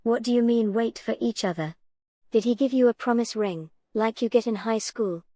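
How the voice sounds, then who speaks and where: A woman's voice: a little high, moderate pace, warm tone, dry recording. Sarcastic woman commentator, dry voice. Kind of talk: reaction commentary voice-over.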